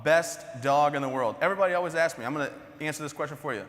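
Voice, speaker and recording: The young man giving this comedic keynote talks fast with hardly any pauses, his voice on the high side and fairly bright. Onstage in a large hall with audible reverb, he tells stories, mocks himself and laughs at his own jokes.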